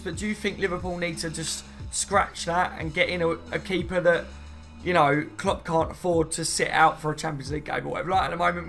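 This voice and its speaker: A man's voice: on the high side, fairly bright tone. A man chatting casually on a live stream, rambling and reading viewer comments aloud, saying "mate" and "you know what I mean" often. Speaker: football fan streamer.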